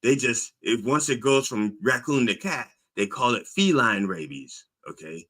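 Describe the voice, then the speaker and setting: A man's voice: mid-range voice, sing-song, unhurried, a bit bright. A man hosting his own show in a casual monologue, telling a story animatedly, acting out both sides of a call, with frequent repeats and restarts. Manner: repeats words and restarts often. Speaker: host.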